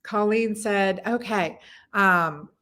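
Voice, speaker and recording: A woman's voice: mid-range voice, slow pace, bright, forceful tone. Chatty woman doctor on a live stream. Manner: chatty, answers viewer comments, many fillers and repeats. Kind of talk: casual live-stream chat. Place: home in Texas.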